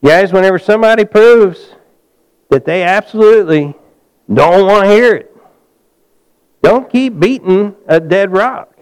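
A man preaching a sermon, swinging between near-shouts and a low hush and calling out to the congregation for amens. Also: unhurried, long pauses, clean tone, poor audio. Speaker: pastor.

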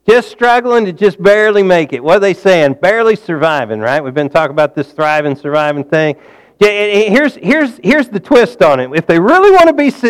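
This preacher delivers a conversational sermon with a folksy ease, asking the audience questions as he goes. He has a slightly high, smooth, clear voice that rises loud and high for emphasis and sinks low and quiet for asides.

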